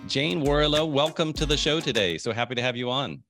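A man's voice: mid-range voice, animated, a little fast, few pauses, a bit bright, faint music behind. A man hosting a podcast, talking in a chatty, rambling way and laughing often. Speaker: podcast host. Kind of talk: casual interview chat.

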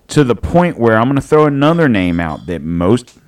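A man's voice: medium pitch, very animated, normal speed. A man co-hosting a podcast in casual chat, rambling and joking, laughing often. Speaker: podcast co-host.

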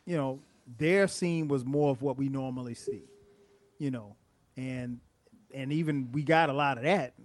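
A man's voice: mid-range voice, normal speed, no room sound. A man chatting casually as a podcast guest, rambling with many fillers and restarts. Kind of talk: casual chat.

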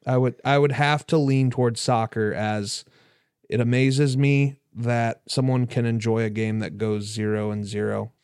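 A man's voice: medium pitch, little pitch movement, measured pace, a little mellow, smooth, dry recording, clean studio sound. A man co-hosting a podcast in casual chat, laid-back and hesitant, with lots of fillers. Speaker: podcast co-host.

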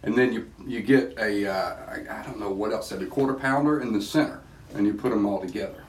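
A man on a podcast in casual chat, teasing and telling a story in a deadpan way. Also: on the low side, brisk. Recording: roomy room, mic at a distance.

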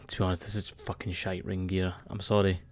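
A young Scottish man chatting casually as a podcast co-host, animated and sweary, with quick apologetic asides. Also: deep voice, no echo, muffled recording. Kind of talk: casual chat.

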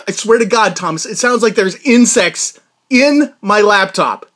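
A man hosting his own podcast, telling a story in a casual chat, excitable and swinging from loud laughing outbursts to low mutters. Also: a little slow. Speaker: podcast host. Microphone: podcast mic.

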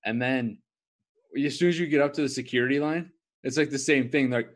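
A man's voice: mid-range voice, brisk. A man co-hosting a podcast in casual chat, reacting to a story and adding his own anecdote. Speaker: podcast co-host.

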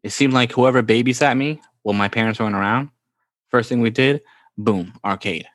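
A man's voice: medium pitch, normal speed, no echo. A man in his forties from the Bronx tells childhood stories in an easy, slangy chat. His voice sits mid-range and sounds close and dry, with no room around it. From New York, the Bronx. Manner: laid-back, slangy, says "bro" often. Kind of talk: casual storytelling chat.

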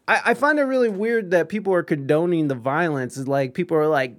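A man's voice: sits high, lively intonation, a little fast, few pauses. A young man in casual chat, telling a story with lots of swearing, restarts and self-deprecating humor.

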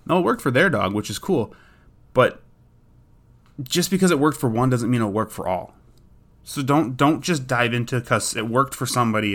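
A man's voice: medium pitch, fairly bright tone. A man talking casually and bluntly, giving opinionated advice about dogs and their owners. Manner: blunt and opinionated, with frequent restarts.

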